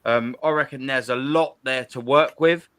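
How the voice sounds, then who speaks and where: Lively slangy man hosting. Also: medium pitch, moderate pace, clear, resonant tone, no room sound. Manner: animated, slangy, lots of restarts. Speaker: host of a football call-in show. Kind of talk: casual chat.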